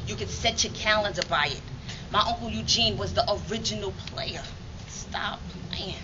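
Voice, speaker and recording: A woman's voice: medium pitch, fairly quick, muffled recording, noisy background. A woman from New York performing a dramatic spoken monologue in a rhythmic, emphatic, streetwise way.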